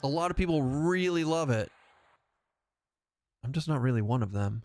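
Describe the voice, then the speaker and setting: A man's voice: fairly high pitch, lively intonation, normal speed, a little mellow, dry recording. A man chatting casually as he streams a game live, rambling and self-mocking and laughing often.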